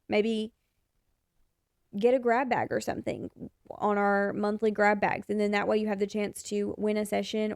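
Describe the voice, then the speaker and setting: A woman's voice: medium pitch, gravelly, no echo, clean studio sound. A young adult woman hosting a podcast, giving frank, encouraging advice in a casual way and swearing now and then. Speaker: podcast host and photographer.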